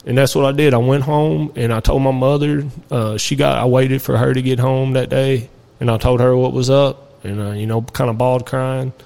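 A man's voice: mid-range voice, flat delivery, moderate pace, creaky, few pauses, warm tone. Candid man telling his story. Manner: candid, rambling, swears freely. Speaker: podcast guest. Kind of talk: casual storytelling interview.

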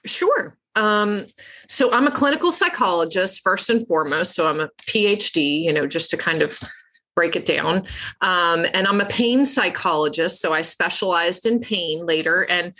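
Husky woman guest, bright forceful voice, animated storytelling, laughs at herself a lot. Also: lowish voice, moderate pace. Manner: animated, self-mocking, laughs often. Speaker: guest, clinical psychologist. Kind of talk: casual storytelling interview.

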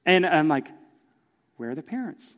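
A man's voice: a little high, big pitch swings, normal speed. Man preaching in a reverberant hall. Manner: storytelling, acts out voices, swings from hushed to loud. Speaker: pastor. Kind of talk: sermon. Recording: long reverb of a large hall.

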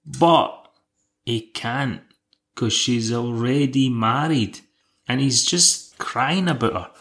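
A man's voice: mid-range voice, slow, a bit bright. A man hosting a podcast, recapping an episode in a dry, wry, casual way. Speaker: podcast host.

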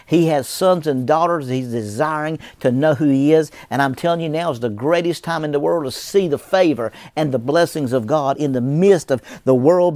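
A man's voice: a little high, a little mellow, dry recording. A man preaching a sermon as a pastor, emphatic, with a repetitive preaching cadence.

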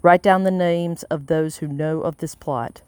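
A reader voicing a wary, wealthy colonial-era gentleman who talks in a curt, guarded way in an audiobook. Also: medium pitch, steady tone, a little slow, clear, resonant tone, no room sound, close to an everyday voice. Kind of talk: audiobook character reading.

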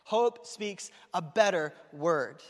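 Fast, excited high-voiced male preacher. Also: in a large hall. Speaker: pastor. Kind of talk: sermon. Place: church sanctuary.

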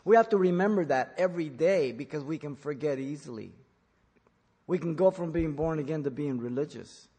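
A man preaching an expository sermon in church, emphatic, rising to loud peaks when quoting. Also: on the high side, a little fast, slightly rough, in a large hall. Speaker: pastor.

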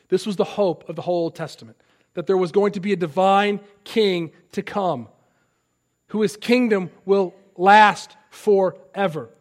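A man in his thirties preaches with a high, ringing voice. He climbs to loud, impassioned declarations and then drops back to a soft, conversational tone for the asides. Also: steady tone, measured pace. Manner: impassioned preaching, swells loud on key lines. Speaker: pastor. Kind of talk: sermon.

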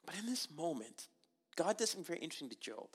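A man's voice: a little high, big pitch swings, rapid-fire, a bit bright, breathy edge. A man preaching a sermon in a conversational, joking way, full of asides and rhetorical questions.

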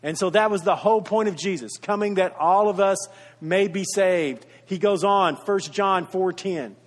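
High-voiced pastor preaching in a hall. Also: male voice, moderate pace. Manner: earnest, repetitive emphasis, storytelling asides. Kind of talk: sermon. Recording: reverberant hall.

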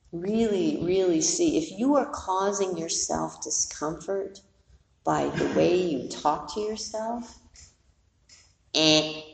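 Gravelly-voiced woman giving a dharma talk. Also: deep voice, roomy sound. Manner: conversational, plainspoken, with candid asides. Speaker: meditation teacher.

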